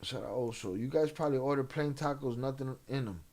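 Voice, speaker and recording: A man's voice: medium pitch, a little fast, a little mellow. Profane casual streamer, a man. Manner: loose, profane, mixes in Spanish slang. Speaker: streamer reacting and reading chat. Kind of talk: casual live-stream chat.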